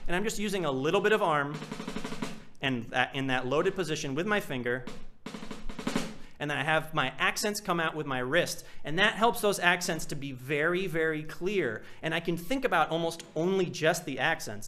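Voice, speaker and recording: A man's voice: on the high side, normal speed, over music. A man teaching percussion in a live class, explaining technique casually and singing out rhythms as syllables. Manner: animated, vocalizes drum rhythms with syllables. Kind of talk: live online masterclass.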